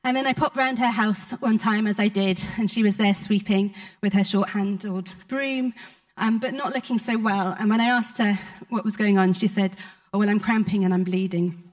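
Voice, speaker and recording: A woman from the United Kingdom speaks to a church congregation, recounting a personal testimony. She talks at an ordinary, mid-range pitch in a sincere, conversational way. Her speech is sprinkled with soft hesitations as she tells the story. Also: normal speed. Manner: personal, heartfelt testimony with frequent ums. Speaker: preacher. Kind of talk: sermon storytelling.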